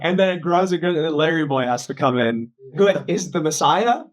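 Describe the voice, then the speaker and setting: A man leading a casual Bible study, chatty and quick to laugh, filling his talk with "um" and "like". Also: fairly high pitch. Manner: chatty, laughs often, many fillers like "um" and "like".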